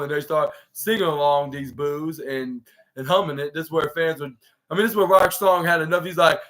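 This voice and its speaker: Podcast host, a man with a fairly high voice, loose rambling recap full of fillers. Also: a little fast, fairly bright tone. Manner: rambling, heavy use of "like" and restarts. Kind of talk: casual show recap.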